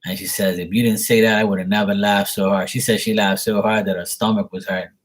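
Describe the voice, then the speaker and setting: This is a man's fairly low, flat voice at a quick pace, doing a casual tarot reading on a livestream. He rambles, swears, and repeats his words as he goes, and Portuguese is the language he speaks at home.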